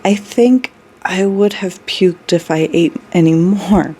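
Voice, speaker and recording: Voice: medium pitch, slow, warm tone, breathy edge, voice pushed up. A reader voicing an anxious young woman in a story read aloud, asking short worried questions. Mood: uneasy.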